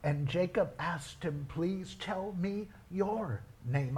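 High-voiced man preaching slow, stretches out key words, builds from quiet to shouting. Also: slight background noise. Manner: dramatic, swings from quiet storytelling to shouted climaxes. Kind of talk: sermon.

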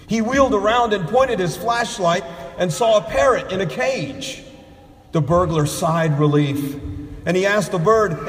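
Man preaching slow, higher voice, big echoey church. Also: a bit bright. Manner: storytelling with jokes. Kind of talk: sermon.

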